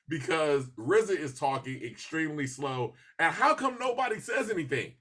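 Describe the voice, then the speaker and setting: Bright-voiced laughing man chatting. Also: a little high, normal speed, few pauses. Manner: laughing, animated storytelling with voiced asides. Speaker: podcast host. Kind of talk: casual chat.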